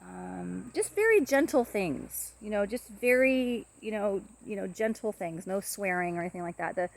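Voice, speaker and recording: A woman casually talking to camera about her pet parrot, rambling softly with many fillers and restarts. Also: mid-range voice, big pitch swings, moderate pace, gravelly.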